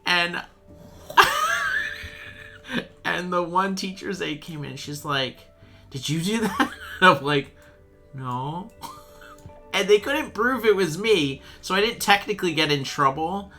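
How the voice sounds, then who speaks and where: Young guy rambling thru a story while gaming, bright voice, swears a lot. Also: sits high, normal speed, soft background music. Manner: rambling, animated, swears freely. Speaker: host playing a game while chatting. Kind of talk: casual storytelling chat.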